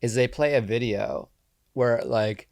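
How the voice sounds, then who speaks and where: A man's voice: medium pitch, a little slow, gravelly, a little mellow, no echo, clean studio sound. A man co-hosting a podcast in casual chat, easygoing, adding short remarks and asides. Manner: easygoing, brief interjections and asides. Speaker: podcast co-host.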